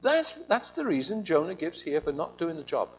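Lively, high-voiced preacher. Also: male voice, fairly quick, husky, dull audio. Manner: animated, conversational storytelling. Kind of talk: sermon.

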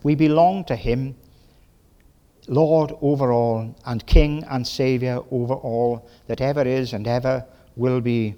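A middle-aged man with a Welsh accent preaching a sermon in a folksy, lively way, full of tag questions and quick bursts. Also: mid-range voice, muffled recording. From Wales.

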